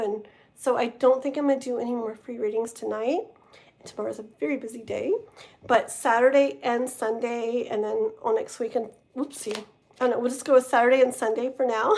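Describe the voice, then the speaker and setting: Chatty, slightly high-voiced woman tarot reader. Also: a little mellow. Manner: chatty and rambling, reads card meanings aloud. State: tired, strained voice. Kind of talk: casual livestream chat and card reading.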